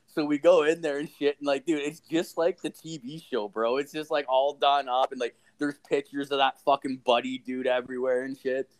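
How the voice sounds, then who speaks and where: A young podcast host from Ontario, Canada tells a rambling story in casual conversation, swearing constantly. His voice is medium-pitched at a normal speed, hardly pausing, and he's an animated storyteller.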